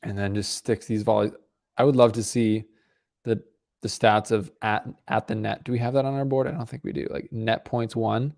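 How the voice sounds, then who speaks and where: Gravelly, low-voiced male stream host. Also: steady tone, moderate pace, a little mellow. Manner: casual, rambling, talks to chat. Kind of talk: live match commentary and chat.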